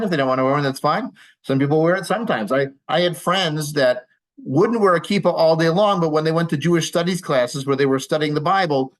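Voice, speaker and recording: A medium-pitched male rabbi teaches an informal class to a live audience, taking their questions, captured on a rough recording. His explanations are patient, sprinkled with dry humor and lots of little fillers.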